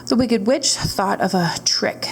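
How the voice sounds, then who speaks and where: A woman's voice: mid-range voice, a little slow, slight background noise, rough recording. A woman librarian reading a storybook aloud at storytime, narrating steadily and correcting small slips.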